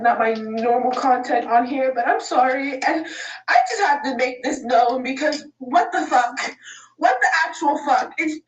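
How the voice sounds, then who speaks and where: A woman's voice: fairly high pitch, fairly bright tone, far from the mic, muffled recording. A woman in an emotional vlog rant, swearing, upset and close to tears. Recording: echoey room, away from mic.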